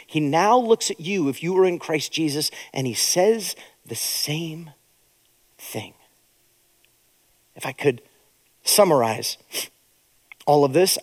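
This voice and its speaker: Earnest male pastor in a hall. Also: a little high. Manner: earnest and consoling, with soft, hushed emphasis. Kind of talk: sermon.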